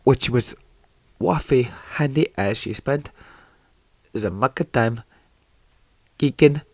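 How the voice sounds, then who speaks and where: A man voicing a clumsy mock-Scottish storybook reader in an attempted Scottish accent, stumbling and halting through the text. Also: medium pitch, vocal fry, a little mellow, no echo. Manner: stumbling, halting reading aloud. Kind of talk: reading a book aloud in a put-on accent.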